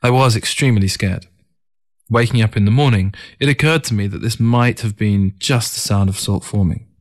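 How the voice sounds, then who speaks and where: A man with a somewhat low voice reads a first-person story aloud. His delivery is calm and reflective, in steady audiobook narration. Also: moderate pace.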